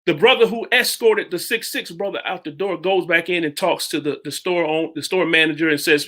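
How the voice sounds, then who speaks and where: A man preaching a sermon, retelling a story in a halting way with many restarts and sudden jumps in pitch. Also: sharp tone.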